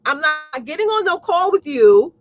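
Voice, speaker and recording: A woman's voice: sits high, very animated, normal speed, no room sound, highs cut off. A woman business coach hosting a live talk, blunt and sassy, calling her audience y'all and preaching about mindset. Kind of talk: live streamed motivational talk.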